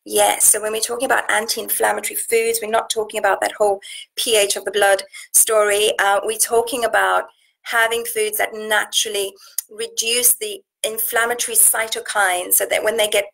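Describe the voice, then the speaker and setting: A woman's voice: mid-range voice, level tone, normal speed, vocal fry, fairly bright tone, low-quality recording. A woman from South Africa, a nutrition coach hosting a casual live session, talking in a chatty, earnest way full of fillers and restarts. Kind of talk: casual live stream talk, reading out viewer comments.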